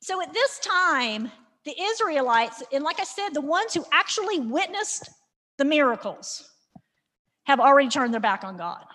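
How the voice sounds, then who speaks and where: A woman teaching a Bible lesson with lively, sarcastic humor, acting out the characters as she goes. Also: high-pitched, moderate pace. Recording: reverberant hall.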